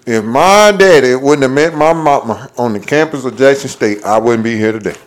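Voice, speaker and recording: A man's voice: mid-range voice, moderate pace. A Southern man around forty from Mississippi, teasing and playful in casual sports banter, often talking over others. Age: 40s.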